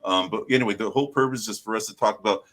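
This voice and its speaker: A man's voice: lowish voice, rapid-fire, fairly bright tone. A man hosting a live podcast, talking plainly to his guest and audience. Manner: plainspoken, talks to the audience directly. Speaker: podcast host.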